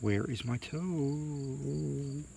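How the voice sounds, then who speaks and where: A man doing a slow groaning toe-hunting creature. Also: medium pitch, gravelly, warm tone, a little hiss or hum, voice pushed up.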